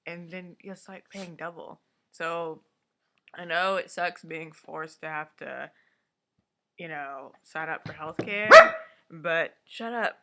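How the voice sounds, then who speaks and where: A woman with a voice deep for a woman, recapping a TV episode in a blunt, profane, chatty vlog style. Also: steady tone, slow, pushed and bright, slight background noise. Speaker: vlogger.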